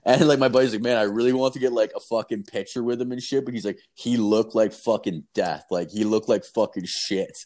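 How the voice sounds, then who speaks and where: A man's voice: lowish voice, steady tone, brisk, few pauses, darkish tone. A young man from Canada telling rambling stories in casual chat, full of swearing and fillers.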